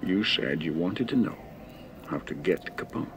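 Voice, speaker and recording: A gruff, hushed old Irish-American cop. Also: male voice, deep voice, expressive, a little slow, a little hiss or hum. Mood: intense. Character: gruff older Irish-American beat cop, hard-nosed. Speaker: film character in a played clip. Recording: film clip with faint background ambience.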